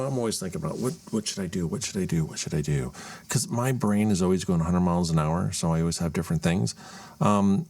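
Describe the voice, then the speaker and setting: A man hosting his own show, talking casually and rambling in a chatty, self-deprecating way from a cold home garage. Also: low voice. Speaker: podcast host. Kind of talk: casual solo talk.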